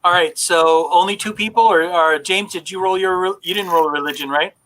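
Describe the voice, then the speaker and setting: A man's voice: high voice, fairly even intonation, brisk, a bit bright, poor audio. A man narrating as game master of a tabletop horror game, describing scenes with frequent fillers.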